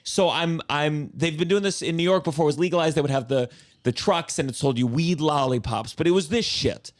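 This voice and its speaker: Man, wry complaints, comedy podcast chat, higher voice, dry close mic. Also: brisk, dry recording.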